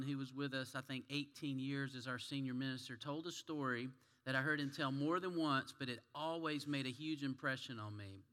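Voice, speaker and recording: A man's voice: mid-range voice, pushed and bright, clean tone, in a large hall. A man preaching a sermon in a folksy, conversational storytelling way.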